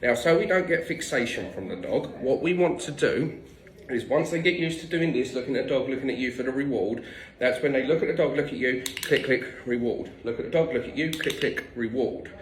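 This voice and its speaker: A man's voice: mid-range voice, brisk, reverberant, rough recording. A man working as a dog trainer, giving blunt, no-nonsense instructions with the odd swear word. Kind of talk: direct instructional tips.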